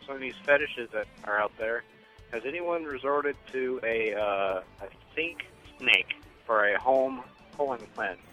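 A man's voice: medium pitch, unhurried, bright, forceful tone, soft background music, low-quality recording. A man leaving a casual, crude joking question on a podcast voicemail line. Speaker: caller on voicemail.

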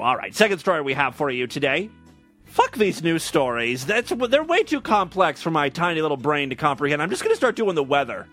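A sarcastic male host with a high voice rips through news items on a comedy show. His pitch swoops up and down as he breaks off reading to crack crude jokes. Faint music plays behind him. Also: a bit bright. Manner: sarcastic, crude, reads news aloud with blunt asides. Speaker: podcast host.

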